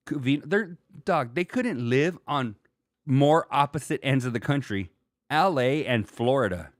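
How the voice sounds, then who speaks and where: Reading viewer comments on his solo livestream, a rambling, dry-voiced host talks a little slowly but animatedly at medium pitch. He keeps it loose and casual, swearing as he goes, and there's no echo.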